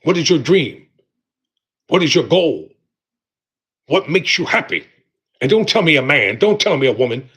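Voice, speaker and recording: A middle-aged man hosting a livestream, giving an impassioned motivational monologue in an emphatic, preacherly way, with loud bursts and low, intense stretches. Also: sing-song, normal speed, pauses often, breathy edge. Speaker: host of a livestream talk.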